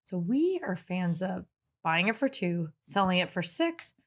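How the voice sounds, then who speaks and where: A woman's voice: fairly low pitch, very animated, unhurried. A woman co-hosting a casual business podcast who answers questions earnestly and laughs easily. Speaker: podcast co-host.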